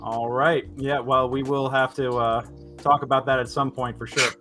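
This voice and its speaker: A relaxed man hosts a tabletop game stream and jokes with his players. His voice sits at an ordinary pitch, with soft music playing behind him. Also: normal speed. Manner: relaxed and joking, drawls "y'all". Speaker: game master.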